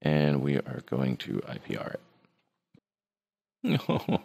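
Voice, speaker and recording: A man's voice: very deep voice, wildly swooping pitch, slow, vocal fry, darkish tone, slight background noise. A man teaching a 3D rendering class in a casual screen-recorded tutorial, joking and teasing his students as he works. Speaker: 3D art teacher.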